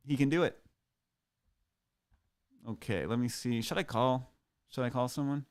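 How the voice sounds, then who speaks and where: A man's voice: medium pitch, measured pace, long pauses, smooth. A man hosting a comedic podcast solo, rambling in a boastful, sarcastic, mock-grandiose way. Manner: self-aggrandizing, sarcastic, rambling. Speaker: podcast host.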